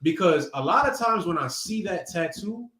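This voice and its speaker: A man's voice: high-pitched, expressive, normal speed, a bit bright. A man teaching a sermon in a casual, slangy, conversational way. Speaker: preacher. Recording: echoey room.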